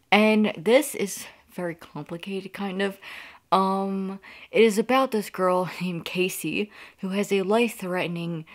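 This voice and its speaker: A low-voiced woman from Pennsylvania hosts a casual book haul vlog. She gushes with excitement and breaks into laughter often. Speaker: book vlogger.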